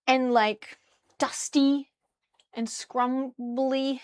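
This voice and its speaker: A young New Zealand woman chats casually on a livestream while tidying her bedroom, rambling and humming, even singing nonsense syllables as she works. Her voice is on the high side, expressive and unhurried.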